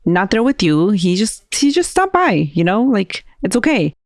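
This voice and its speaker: A woman retelling as a calm male radio host. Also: sits high, normal speed, no echo, studio quality. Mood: soothing. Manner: soothing, firm reassurance.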